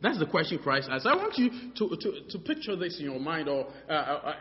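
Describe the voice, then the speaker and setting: A man preaches with a high, lively voice that swings up and down, stumbling over his words and repeating them as he builds his points. The sound is dull and muffled, carried through a long hall reverb. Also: brisk. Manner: animated, repeats words, many fillers; acts out dialogues in his story. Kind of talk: sermon.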